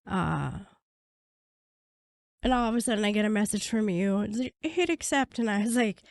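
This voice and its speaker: A woman guest on a podcast, telling her story bluntly and swearing freely, her voice going hoarse. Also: mid-range voice, normal speed, darkish tone, no echo, clean studio sound. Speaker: podcast guest, prisoner advocate. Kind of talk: candid storytelling interview.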